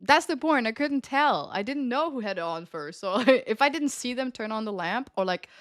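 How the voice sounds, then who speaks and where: A woman's voice: on the high side, animated, normal speed, dry recording, studio quality. A young woman live streamer casually telling a story to her chat, laughing often and swearing freely.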